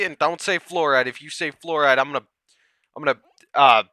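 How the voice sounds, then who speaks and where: A man ranting to the camera, heated and sarcastic, swinging between yelling and muttering. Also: a little high, fairly quick, no room sound, clean studio sound. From United States. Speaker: comedian vlogger. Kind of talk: comedic rant to camera.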